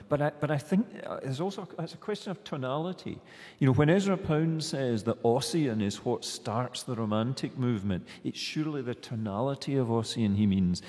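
A man's voice: mid-range voice, a little mellow. A male academic speaking on a panel, hesitant and full of restarts. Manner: hesitant, many restarts and fillers. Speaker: guest academic. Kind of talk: panel discussion. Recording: long hall reverb.

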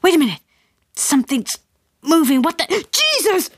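A blustering dad in a dry, close storybook reading, clipped and bossy when calm, high and shouting when rattled, as a woman narrator puts him on. The sound is dead and close to the mic. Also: normal speed, no room sound, lightly acted. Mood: panicked. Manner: gruff and bossy when calm, yelling in a panic. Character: exasperated British dad, father of the family.

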